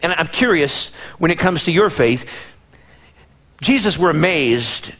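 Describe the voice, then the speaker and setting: Preaching as pastor, this man's voice is on the high side, animated, a bit bright and a little slow. He dramatizes his sermon by voicing the Bible characters, frequently repeating phrases and starting them over.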